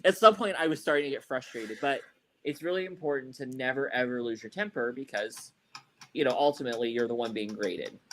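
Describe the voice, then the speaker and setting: A man's voice: mid-range voice, fairly quick. A man on a podcast, telling a story in casual chat, rambling and swearing, with lots of "like" and "you know.". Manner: frequent fillers like "like" and "you know". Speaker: podcast co-host.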